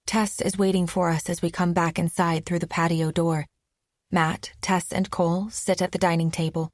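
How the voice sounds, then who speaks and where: A woman's voice: fairly low pitch, flat delivery, moderate pace, no echo, studio quality. A woman narrating an audiobook in the first person, with a tense, anxious delivery. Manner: tense, anxious inner monologue.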